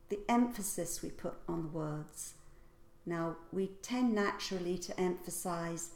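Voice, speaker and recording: A woman's voice: fairly low pitch, darkish tone, echoey room. A woman teaching public speaking in a casual lesson, playfully acting out example lines with exaggerated stress. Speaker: voice and speaking coach.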